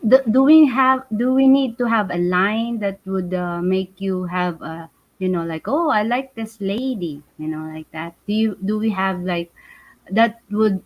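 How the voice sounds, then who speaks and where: A woman hosting a casual interview, asking halting questions full of fillers. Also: mid-range voice, lo-fi sound. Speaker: interviewer, show host.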